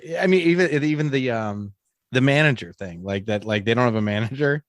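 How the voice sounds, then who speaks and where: A man's voice: mid-range voice, expressive, brisk, dry recording. Podcast co-host, man, mid-range voice, loose and chatty, laughs often, dry sound. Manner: laughing, rambling, acts out quotes from scenes. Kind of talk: casual movie podcast chat.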